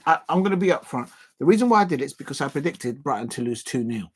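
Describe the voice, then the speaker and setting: A young man talks through a football watch-along in a loose, animated way, laughing and circling back to his catchphrases. His voice is husky and sits at an ordinary pitch for a man. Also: fast. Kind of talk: casual livestream chat.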